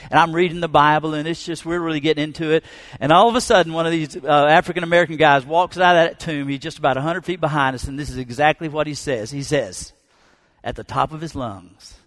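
A middle-aged pastor preaching a sermon, telling stories with fervor. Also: male voice, high voice, brisk, fairly bright tone. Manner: storytelling, fervent preacher. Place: church sanctuary.

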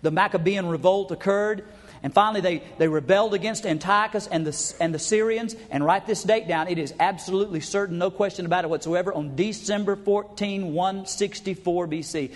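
A man delivers a sermon in a folksy, emphatic way, often addressing his listeners directly. His voice sits high for a man. A long hall reverb trails behind his words. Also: a little fast. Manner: folksy, emphatic, acts out crowd chants. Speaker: preacher. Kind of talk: sermon teaching.

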